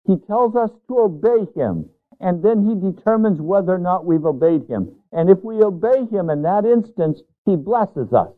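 A pastor delivers an earnest Bible sermon in a slightly high voice, leaning on his words and drawing them out for emphasis. The sound is thin and tinny, like it comes over a phone line.

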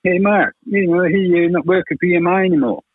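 A chummy, clipped older Scottish record producer , put on by a man with a rough accent. He sits well above his usual pitch with a husky edge. The line is dry and tinny, like a phone call. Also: steady tone, fast talker, no echo. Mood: offhand. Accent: Scottish, a rough imitation.

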